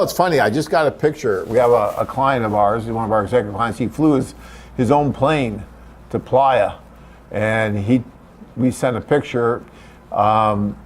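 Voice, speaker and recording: A man's voice: mid-range voice, slight background noise. A middle-aged man hosting a live webcast, chatting casually and reading viewer questions, rambling with fillers and restarts. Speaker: host of a live web cast for a dating agency.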